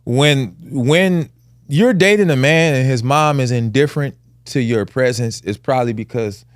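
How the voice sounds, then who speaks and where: A man's voice: medium pitch, moderate pace, no room sound, studio quality. Earnest man telling a family story. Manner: earnest, emphatic, casual vernacular speech. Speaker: podcast co-host. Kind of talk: candid conversational storytelling.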